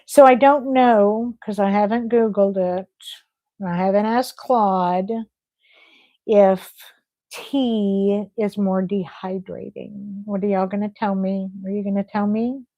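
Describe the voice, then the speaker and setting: A woman's voice: mid-range voice, steady tone, takes it slowly, dry recording, dull audio. A woman hosting a casual livestream, chatty and effusive as she reads viewer comments aloud. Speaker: livestream host.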